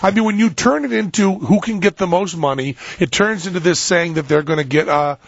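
A man's voice: sits high, a little fast, gravelly, dry recording, muffled recording. A man hosting a radio talk show, joking and rambling with frequent restarts.

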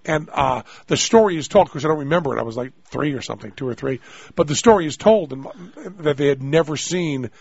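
Gravelly, husky male radio host. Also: a little high, fast talker, no echo, highs cut off. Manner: animated, joking, exaggerated storyteller. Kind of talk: call-in radio chat.

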